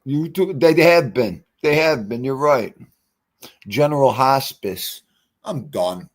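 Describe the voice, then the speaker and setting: A man's voice: mid-range voice, slow pace. A man hosting a casual livestream, joking and ranting in mock exasperation, swearing freely as he reads the chat. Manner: loud, joking banter with swearing. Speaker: livestream host.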